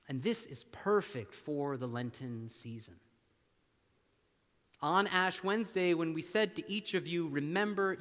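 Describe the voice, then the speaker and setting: A man preaching a sermon in a slow, measured way, letting long pauses hang between phrases. His voice sits a little higher than most men's. The sound rings out with the long reverb of a church sanctuary. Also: a bit bright. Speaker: minister.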